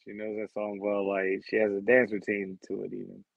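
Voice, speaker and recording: A man's voice: fairly low pitch, monotone, fairly quick, vocal fry, no room sound, muffled recording. A man co-hosting a casual music review chat, laid-back and profane as he gives his verdicts. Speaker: podcast co-host.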